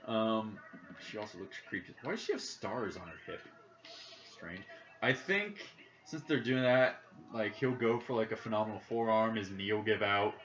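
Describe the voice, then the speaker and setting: Low-voiced Midwestern guy chatting. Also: animated, moderate pace, a bit bright. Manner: rambling, jokey, thinks aloud. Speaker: podcast co-host. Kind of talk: casual chat while gaming. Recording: dull lo-fi audio, faint background noise.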